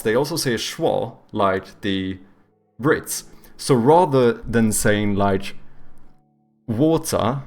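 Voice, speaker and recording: A man livestreaming himself playing games, chatting casually, swearing often and laughing at himself. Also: medium pitch. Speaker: streamer. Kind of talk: live gameplay commentary.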